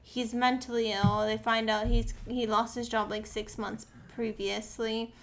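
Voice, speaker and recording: A woman co-hosting a casual movie podcast, recapping the plot in an animated way and acting out the characters' lines. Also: on the high side, a little slow. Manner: animated storyteller, acts out quotes. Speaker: podcast co-host.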